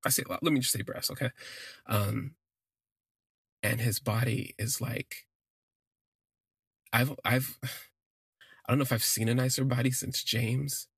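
A man tells a personal story in a gravelly, husky voice, rambling and stopping to correct himself. The recording is close and dry, with no room sound. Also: mid-range voice, a bit bright, no echo. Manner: rambling, self-correcting, gushing. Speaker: podcast storyteller.

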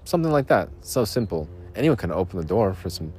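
Sarcastic rambling man, slightly low voice. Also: very animated, warm tone, slightly rough. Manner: sarcastic, self-mocking, puts on quick voices for quotes. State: coming down with a cold, clearing throat and coughing. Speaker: podcast host. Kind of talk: rambling solo podcast monologue.

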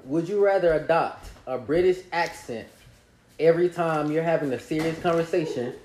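Chill guy asking his friends questions, kinda high voice, echoey room. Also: normal speed, a little mellow, a little hiss or hum. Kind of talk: casual group chat.

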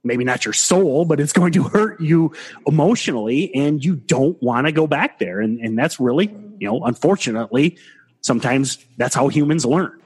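Husky-voiced man coaching on a podcast. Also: fairly high pitch, expressive, moderate pace. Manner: explanatory, coaching tone. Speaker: podcast co-host, trading coach. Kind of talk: casual chat. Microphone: headphones on a call.

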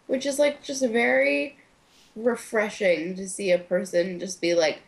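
A woman's voice: mid-range voice, lively intonation, a little slow. A young woman co-hosting a podcast, chatting casually as she recaps a TV episode, with lots of fillers and acted-out quotes. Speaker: podcast co-host.

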